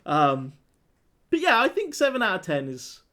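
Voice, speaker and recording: A man co-hosting a casual film review chat, animated and laughing as he acts out scenes. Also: high voice, moderate pace. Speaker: podcast co-host.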